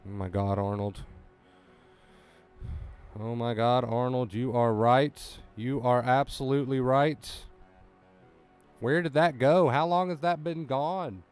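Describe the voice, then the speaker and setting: Man, livestreamer, casual chat, excitable, repeats himself, faint background music. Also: mid-range voice, slow pace, long pauses, clear, resonant tone. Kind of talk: casual live-stream chat.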